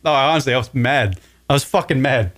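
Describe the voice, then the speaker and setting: A man's voice: medium pitch, fairly quick, no echo. A man hosting a radio talk show, rambling and swearing as he retells a story in casual comedic chat. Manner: profane, rambling, animated retelling.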